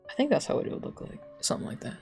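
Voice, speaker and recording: A young adult livestreamer telling a long story to chat in a loose, casual way, full of "like", swearing and laughter, with quoted people acted out in sudden jumps of pitch. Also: very fast, darkish tone, soft background music. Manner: rambling, heavy use of "like", swears, laughs between lines.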